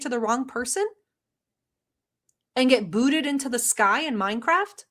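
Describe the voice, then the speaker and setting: A woman's voice: fairly high pitch, moderate pace, long pauses, a bit bright. A woman vlogger who grew up in the Middle East, speaking English as a non-native, giving blunt, sarcastic, profane reaction commentary. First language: not English.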